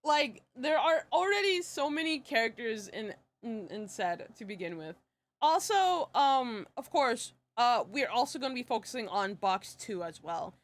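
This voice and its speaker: A woman's voice: fairly high pitch, lively intonation, measured pace. A young woman answering questions on a casual live stream, rambling and giggly with many fillers and restarts. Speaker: streamer and project creator.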